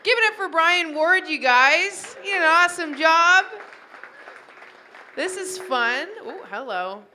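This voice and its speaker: A woman's voice: very high-pitched, expressive, measured pace, bright, forceful tone, a little hiss or hum. A woman comedian from Toronto doing a stand-up set at a wedding reception, chatty and teasing the crowd on a handheld mic. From Toronto, Canada.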